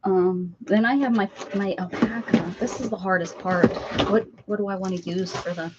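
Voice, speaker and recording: Speaking in a mid-range voice at a moderate pace, an older woman chats her way through a craft livestream at her home desk, reading out the chat and answering viewers while she works. Her lo-fi stream audio sounds slightly dull and very noisy.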